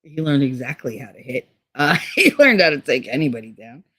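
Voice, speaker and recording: A woman's voice: rumbling low, big pitch swings, fairly quick, fairly bright tone, breathy edge, dry recording. A middle-aged woman from Hoboken, telling stories in blunt, profane casual chat on her channel. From Hoboken, New Jersey. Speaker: channel host.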